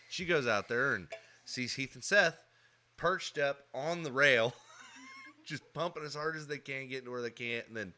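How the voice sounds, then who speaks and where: A man hosting a casual podcast, telling childhood stories with lively acted-out voices. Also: medium pitch, measured pace, slight background noise. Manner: animated storyteller, acts out voices. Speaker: podcast host. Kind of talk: casual storytelling chat.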